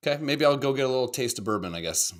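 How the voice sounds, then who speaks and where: A man co-hosting a podcast, chatting casually about videos in a profane, excitable, rambling way. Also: medium pitch, rapid-fire. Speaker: podcast co-host. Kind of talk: casual chat reacting to videos.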